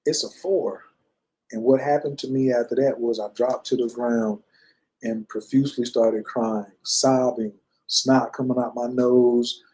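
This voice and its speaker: A man in his fifties tells his own story in a loose, rambling, conversational way, leaning on fillers as he goes. His voice is mellow and dark, and he speaks at a middling pitch. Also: little pitch movement, measured pace, poor audio. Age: 50s. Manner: loose, conversational, many fillers and "you know". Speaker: personal storyteller. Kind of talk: casual personal storytelling. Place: lives in Bali.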